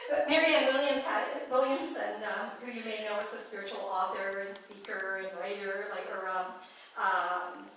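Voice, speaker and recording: A woman with a medium-pitched, steady, fairly bright voice speaks at normal speed over slight background noise. She's a guest speaker giving a playful, conversational sermon at a spiritual church, recorded from far off in the echoey sanctuary.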